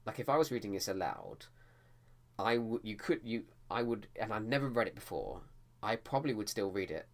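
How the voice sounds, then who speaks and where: Man, deep voice, casual writing vlog, loose and rambling with restarts. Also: animated, normal speed. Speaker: writing vlogger. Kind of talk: casual talk to camera about editing.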